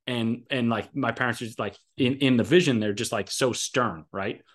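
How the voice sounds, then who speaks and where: A man's voice: medium pitch, moderate pace. A man talking casually on a podcast, rambling with lots of fillers and restarts while he shares a personal experience.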